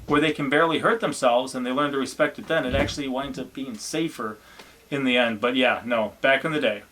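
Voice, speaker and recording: A man's voice: medium pitch, brisk, fairly bright tone. A man, a family vlogger chatting casually and encouragingly about his children. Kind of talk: casual chat.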